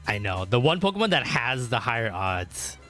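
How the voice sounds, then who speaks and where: A male streamer with a bright, sharp voice chats loosely while he plays, piling up fillers and restarts and swearing freely. Every so often he breaks into loud, excited outbursts. Faint music plays underneath. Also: medium pitch, moderate pace. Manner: bursts into loud excited exclamations. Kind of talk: casual livestream chat while gaming.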